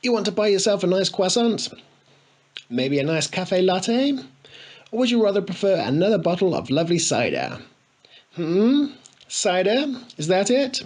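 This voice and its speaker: Male narrator as a bratty posh schoolboy, high and shrill, sneering. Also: animated, slow, creaky, a bit bright, slightly rough, heavily acted. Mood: mocking. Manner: shrill, whining, indignant.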